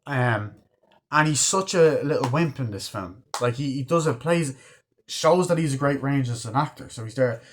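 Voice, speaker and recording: A man talks through a film he loves in a loose, rambling way. He swears freely and keeps breaking into quick impressions of the scenes, with a voice in the middle of the usual range for a man. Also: medium pitch, a little hiss or hum. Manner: rambling, swears a lot, acts out quoted scenes. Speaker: movie reviewer. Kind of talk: casual movie review.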